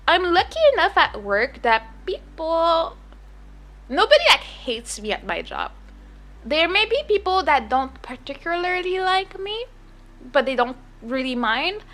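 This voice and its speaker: A woman's voice: high-pitched, a bit bright. A young adult woman streamer telling a work story in casual chat, rambling and full of filler words and restarts.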